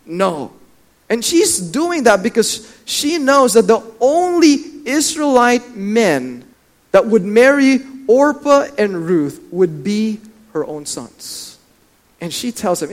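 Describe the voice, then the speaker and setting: Male preacher with a high voice, dramatic sermon delivery, asks the listeners questions, acts out the characters. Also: very animated, slow. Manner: rises and drops in volume for emphasis, asks the listeners questions; acts out the voices of biblical figures.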